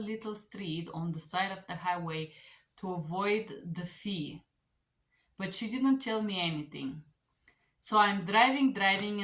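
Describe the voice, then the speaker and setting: A woman language teacher telling a story in a casual, animated way, with phrasing. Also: lowish voice. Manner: animated, chatty, non-native phrasing. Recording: echoey room.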